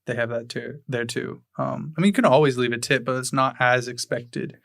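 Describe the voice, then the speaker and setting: A man co-hosting a podcast, explaining things in a relaxed, casual way. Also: medium pitch, fairly quick, gravelly, dry recording, clean studio sound. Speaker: podcast co-host. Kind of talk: casual chat.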